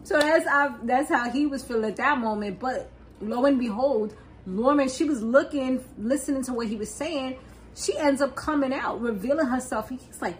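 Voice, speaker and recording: A woman's voice: high voice, lively intonation, normal speed, a little hiss or hum, poor audio. A young adult woman casually recapping a TV episode, chatty and laughing often, swearing and acting out what characters said. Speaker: podcast host recapping a TV episode.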